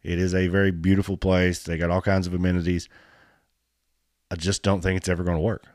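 A man's voice: sits low, flat delivery, fairly quick, a little mellow, no echo, studio quality. A man, hosting a casual chat in a blunt, joking, folksy way. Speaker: podcast host. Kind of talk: casual chat about off-road racing.

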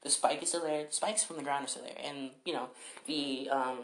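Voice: medium pitch, steady tone, brisk, a bit bright. A fan casually retelling an anime episode in a rambling way, full of fillers like "you know" and "like". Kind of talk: casual spoken recap. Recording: roomy echo.

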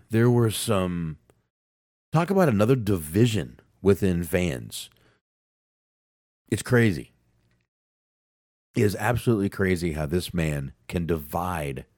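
A man with a very deep voice hosts a loose wrestling podcast while nursing a sinus cold. He swears constantly and rants with a lively, animated pitch. The sound is close and dry. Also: dry recording. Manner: profane, excitable, ranting. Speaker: podcast co-host. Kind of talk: casual wrestling podcast chat.

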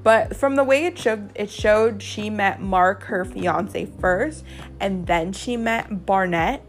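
A young woman hosts her podcast in loose, unscripted chat, blunt and gossipy, with plenty of swearing and "like" scattered through every sentence. Her voice sits at a middle pitch for a woman. Faint music plays softly underneath. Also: slow pace. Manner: gossipy, blunt, swears freely, heavy use of "like". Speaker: podcast host. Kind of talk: casual chat.

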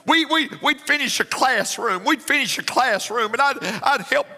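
A man's voice: very high voice, moderate pace, pushed and bright. A man preaching a sermon, emotional and building to fervent exclamations. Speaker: pastor. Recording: long hall reverb with faint music.

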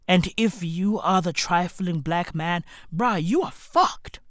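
A woman's voice: mid-range voice, slow, a bit bright, no echo, studio quality. A woman delivering a rambling, profane comedic rant as a podcast host. She uses a lot of slang and keeps tossing in "right?" as she goes. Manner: slangy, calls listeners "bruv".

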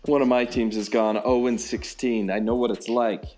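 A man's voice: medium pitch, fairly even intonation, moderate pace, a loud crowd. A man co-hosting a casual chat, mostly agreeing and adding short remarks. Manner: agreeable, brief replies.

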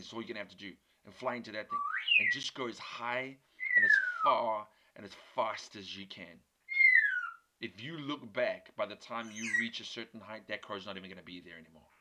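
A man with a fairly low voice preaches a sermon, telling a personal story and driving the lesson home with emphatic urging. His delivery is earnest and conversational. Loud background noise runs under the recording throughout.

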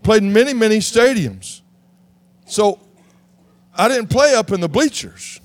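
A man from Texas, preaching a sermon in an animated way that rises to shouts. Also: high voice, measured pace, no echo. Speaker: pastor.

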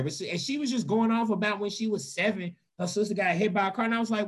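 A woman's voice: fast talker, few pauses, breathy edge. Woman, casual storyteller, blunt, slangy, swears, big vocal swings when quoting. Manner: animated, acts out quotes with big pitch swings.

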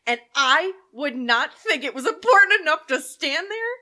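High, lively, profane woman. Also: moderate pace. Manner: profane, loud and jokey. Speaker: podcast co-host. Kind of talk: casual chat.

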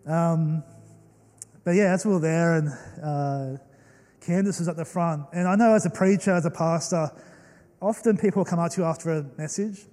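A man's voice: on the high side, moderate pace, darkish tone. An Australian man in his young adult years, preaching a sermon and telling stories in an earnest, emotional way, with many fillers and restarts. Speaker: pastor. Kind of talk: storytelling sermon. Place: church hall. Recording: long church hall reverb.

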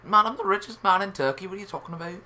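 A man with a Scottish accent playing a boastful, rambling tall-tale teller in an improvised comedy sketch, deadpan and repetitive. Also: sits high, rapid-fire, heavily acted. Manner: deadpan, rambling, repeats himself.

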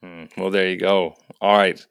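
A man's voice: low-pitched, level tone, moderate pace, vocal fry, clear, resonant tone, no echo, studio quality. A man hosting a casual podcast, steering the talk and calling on each co-host in turn. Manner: runs the segments, asks each co-host in turn. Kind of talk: casual chat.

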